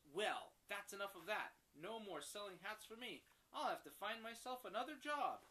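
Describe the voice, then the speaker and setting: A man voicing a cross, fretful grown-up hat seller in a children's story, shouting higher and louder than his narration. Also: animated, normal speed. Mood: resigned.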